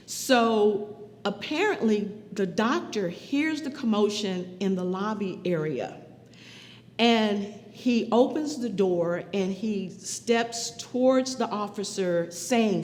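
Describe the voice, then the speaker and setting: A woman tells her own story slowly and deliberately, weighing each phrase. Her measured, earnest delivery rings out with a long hall reverb trailing behind it. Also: mid-range voice, animated, darkish tone. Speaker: survivor recounting her own experience. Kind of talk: personal testimony.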